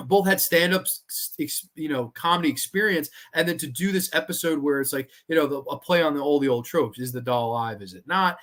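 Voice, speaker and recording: An excitable man with a lively, swooping voice. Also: fairly high pitch. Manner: excitable and profane, laughing while recounting. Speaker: podcast host. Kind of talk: casual commentary.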